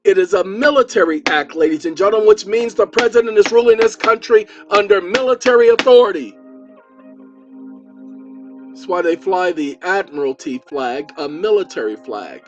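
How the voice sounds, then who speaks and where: A man's voice: high-pitched, normal speed, highs cut off, faint music behind. A man hosting his own channel, lecturing viewers in a chatty way and repeating points for emphasis while he types. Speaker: channel host.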